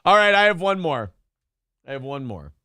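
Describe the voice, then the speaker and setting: A man's voice: a little high, big pitch swings, moderate pace, pushed and bright, clear, resonant tone, dry recording, clean studio sound. A man hosting a morning talk show, trading crude jokes and laughing often. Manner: laughs often, mocking, jokey. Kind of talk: crude comedic banter.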